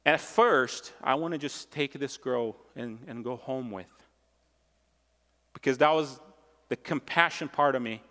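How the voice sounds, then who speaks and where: A man's voice: mid-range voice, unhurried, a bit bright. A male pastor delivering a sermon with emphatic, repeated phrases. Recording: long reverb of a large hall.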